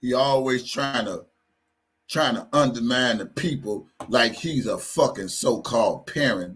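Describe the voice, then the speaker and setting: A man's voice: medium pitch, a little slow, fairly bright tone. A man giving a heated, profane opinion rant as a blogger, repeating himself and using slang. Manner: angry, profane, repeats phrases, AAVE slang. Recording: roomy echo, off-mic distance.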